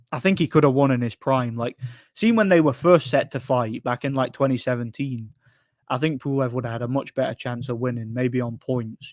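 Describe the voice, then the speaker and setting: A man's voice: mid-range voice, a little mellow, dry recording, studio quality. Rambling man chatting on stream. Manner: rambling, laughs at own stories, repeats phrases. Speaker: livestream host reading chat. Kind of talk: casual chat.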